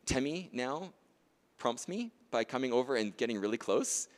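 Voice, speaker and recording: A man's voice: mid-range voice, animated, moderate pace, in a large hall. A man presenting a demonstration workshop at a conference, chatty and jokey, often checking in with "right?" and "okay?". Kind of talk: lively conference demonstration talk.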